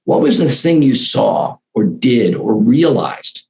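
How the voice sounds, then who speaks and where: A man telling a personal anecdote in a lively, animated way, acting out the voices in his quotes. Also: medium pitch, slow pace, gravelly, poor audio. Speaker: guest, storytelling consultant.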